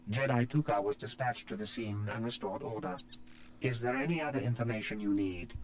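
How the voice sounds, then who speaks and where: A man voicing a formal, helpful investigative droid in a video game, reporting facts in an even tone. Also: mid-range voice, fairly quick, a little hiss or hum, lightly acted. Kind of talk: studio video game voice acting.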